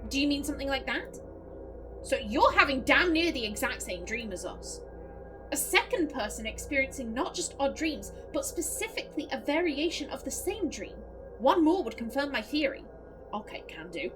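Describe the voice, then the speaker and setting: A woman's voice: high voice, sing-song, moderate pace, rough recording. A woman streamer commenting on a game as she plays, chatty and casually swearing. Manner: chatty, swears, talks to herself. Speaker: let's play streamer. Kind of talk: gaming commentary. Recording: voice over game music.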